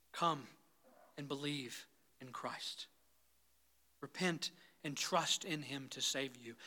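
A man preaching a sermon as pastor, swinging between loud, rising intensity and soft, low pleading, often calling the congregation "guys". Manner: repeatedly addresses the congregation as "guys".

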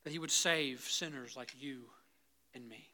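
A man preaching a sermon as pastor, swinging between loud, rising intensity and soft, low pleading, often calling the congregation "guys". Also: unhurried. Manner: repeatedly addresses the congregation as "guys".

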